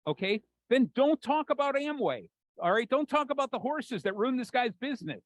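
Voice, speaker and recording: A man with an American accent giving an animated, jokey conference talk, acting out the voices in his head. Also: very high-pitched, normal speed, low-quality recording. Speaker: keynote speaker. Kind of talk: conference talk to a live audience.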